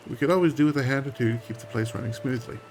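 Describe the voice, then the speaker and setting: A homespun frontier ranch woman, as a man puts her on while reading game lines, who talks in a twangy old west drawl. She chats in a friendly, encouraging way, and her voice sits at a middling pitch. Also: racing, darkish tone, slight background noise, close to an everyday voice, poor audio. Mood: folksy. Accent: put-on old west drawl. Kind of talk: reading game dialogue aloud.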